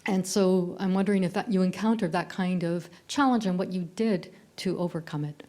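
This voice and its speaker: A woman, asking a panel question in a clear, explanatory way. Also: on the low side, moderate pace, warm tone. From Canada. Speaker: audience member.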